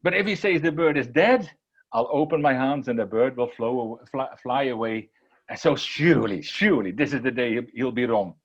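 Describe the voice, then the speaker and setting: A man voicing an excited young boy who is scheming to outwit an old man, in a voice close to his own. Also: mid-range voice, normal speed, muffled recording, voice pushed down. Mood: eager. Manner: eager, plotting.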